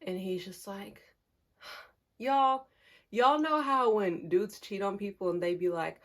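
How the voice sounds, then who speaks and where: A young woman telling a candid storytime vlog, animated and talking straight to her viewers, laughing often. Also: mid-range voice, unhurried. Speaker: vlogger.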